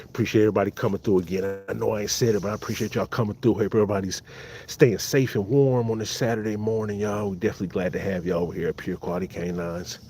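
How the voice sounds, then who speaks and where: Deep-voiced laid-back man from California. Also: fairly even intonation, quick pace, warm tone, poor audio. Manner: laid-back, keeps calling viewers y'all and thanking chatters. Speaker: dog breeder hosting a livestream. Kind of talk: casual livestream chat. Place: outdoors in the cold beside big dogs. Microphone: phone set up on the spot.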